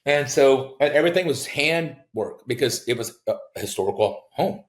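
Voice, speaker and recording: A middle-aged man, a home builder and podcast guest, telling stories in casual talk and acting out the people he quotes with big leaps in pitch. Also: moderate pace, roomy sound. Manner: animated storyteller who acts out quoted people with big jumps in pitch. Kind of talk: casual storytelling in a podcast interview.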